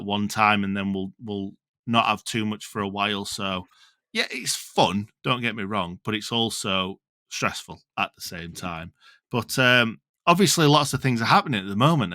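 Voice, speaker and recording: A man's voice: fairly low pitch, pushed and bright, no room sound. An English man co-hosting a football podcast, telling a rambling story in casual chat. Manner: chatty, rambling storyteller with mate-talk. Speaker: podcast co-host.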